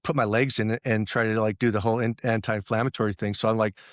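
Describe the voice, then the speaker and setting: A man's voice: on the low side, little pitch movement, fast, no echo, clean studio sound. A man talking as a podcast guest, telling stories and quoting his own thoughts, laughing often. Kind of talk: casual interview chat.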